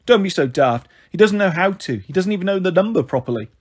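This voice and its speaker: A man voicing a breezy, impatient young mother who scolds briskly in a storybook reading. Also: high-pitched, expressive, husky, pitched above the performer's own voice. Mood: dismissive.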